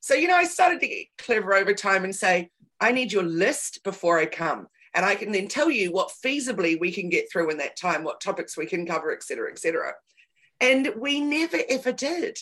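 A woman's voice: medium pitch, fairly bright tone, husky. Woman candidly telling stories, emphatic repeats. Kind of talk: casual chat.

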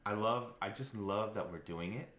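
A man's voice: fairly low pitch, moderate pace, fairly bright tone. A man co-hosting a casual podcast, speaking earnestly and laughing easily with friends. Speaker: podcast co-host. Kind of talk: casual chat. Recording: echoey room, faint noise.

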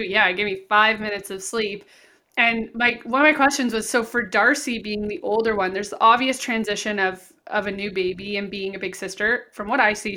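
A woman's voice: on the high side, bright, forceful tone. A woman co-hosting a podcast, asking questions in a chatty, friendly way. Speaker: podcast co-host. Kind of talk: casual podcast conversation.

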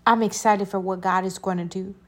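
A young woman, hosting a faith podcast alone; she preaches emphatically, repeats her phrases, and prays softly. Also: medium pitch, steady tone, a little fast. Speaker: podcast host. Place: alone indoors.

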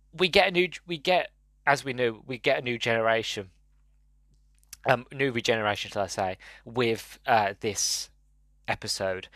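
A man's voice: lowish voice, a bit bright, no echo. A man giving an earnest, emotional review, often restarting his sentences, his voice wavering as if close to tears.

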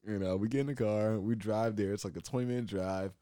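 A man's voice: lowish voice, quick pace. A young man in casual chat, telling a story with lots of laughter and swearing. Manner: animated storyteller, laughs a lot, swears freely.

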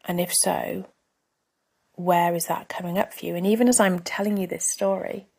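A woman's voice: on the low side, steady tone, moderate pace, vocal fry, darkish tone, breathy edge. A woman hosting a podcast, talking candidly in a reflective personal monologue, often dropping to a near-whisper. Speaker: podcast host.

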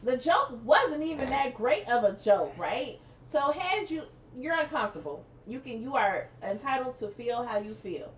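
A woman's voice: high voice, sing-song, moderate pace, hardly any pauses, reverberant, distant mic, slight background noise. A woman co-hosting a podcast, joining in with casual banter and laughing often. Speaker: podcast co-host. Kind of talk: casual chat.

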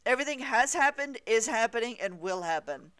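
A podcast co-host in casual talk about comics, speaking deliberately with hedging fillers and quick laughs. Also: medium pitch, expressive, bright, forceful tone, clear, resonant tone, no echo, clean studio sound.

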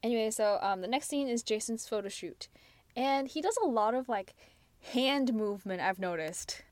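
A woman's voice: on the high side, normal speed, darkish tone, no room sound. Woman chatting thru a drama recap, dry close sound, lots of likes and ums. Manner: chatty recap, many fillers. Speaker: podcast co-host recapping a drama. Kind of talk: casual chat.

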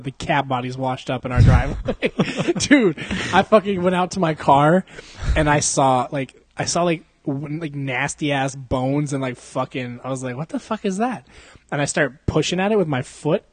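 A man's voice: a little high, dry recording. A young adult man chatting casually, rambling through crude stories full of swearing and frequent laughter. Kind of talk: casual chat.

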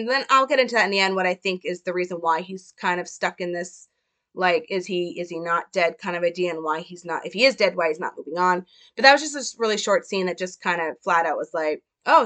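A woman's voice: lowish voice, pushed and bright. Young woman breaking down a movie, chatty, lots of like and you know. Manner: chatty, hedging, full of fillers. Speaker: film commentator. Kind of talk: casual film analysis.

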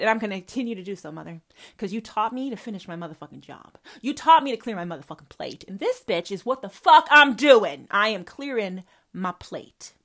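A woman's voice: medium pitch, fairly bright tone. Fiery, foul-mouthed woman podcaster. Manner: profane, confrontational and emphatic; speaks straight to her mother. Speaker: podcast host. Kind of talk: personal podcast monologue.

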